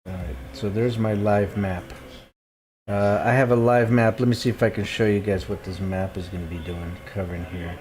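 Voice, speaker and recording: Guitar music plays behind a male streamer who thinks out loud as he organizes gear and menus during a live game, chatting casually. His fairly low voice is steady and darkish at normal speed, with a little hiss or hum.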